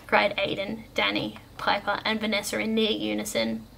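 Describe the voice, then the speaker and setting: A woman storyteller reading a bedtime story aloud in a calm, gentle way. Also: medium pitch, normal speed, gravelly, slight background noise.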